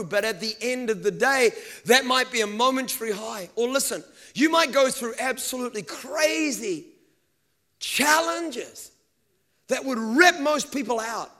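Male preacher, high voice, animated and funny, live sermon with sound effects. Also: measured pace. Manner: animated storytelling with humor. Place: room with a live congregation.

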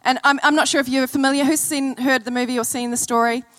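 This woman preacher talks fast in a high, steady, slightly bright voice. She delivers an earnest sermon to her church congregation, weaving in stories and repeating key phrases.

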